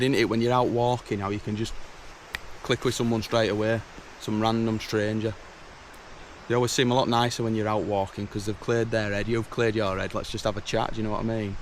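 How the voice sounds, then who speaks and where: A camping vlogger with a voice on the low side shares casual, to-camera stories outdoors at a woodland camp, with some faint background noise. His tales are blunt and chatty, delivered with exasperation.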